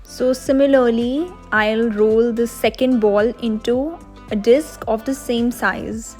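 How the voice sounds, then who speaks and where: A woman's voice: on the high side, steady tone, slow pace, darkish tone, faint music behind. A young woman, host of a cooking channel, explaining a recipe step by step in a voice-over.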